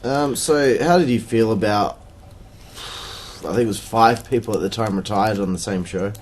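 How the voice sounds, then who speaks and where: A man's voice: on the low side, normal speed, a little hiss or hum. An Australian man hosting a podcast in casual chat, mostly giving short agreements and steering the questions. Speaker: podcast host.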